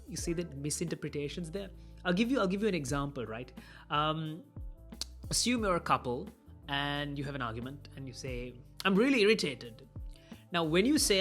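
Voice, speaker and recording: A man gives communication advice in a relaxed, conversational way. He slips into the voices of the people he quotes. Soft music plays faintly behind him. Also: a little high. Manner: conversational, acts out quoted dialogue. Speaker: communication trainer. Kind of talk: casual motivational talk.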